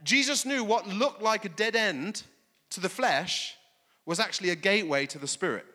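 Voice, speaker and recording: A man preaching to his congregation in an easy, conversational way, tossing in quick check-ins as he goes. His voice sits a little higher than most men's. The sound rings out with a long reverb tail, as in a large hall. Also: animated, pushed and bright. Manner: conversational preaching, frequent "okay?" asides. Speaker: pastor. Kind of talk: sermon.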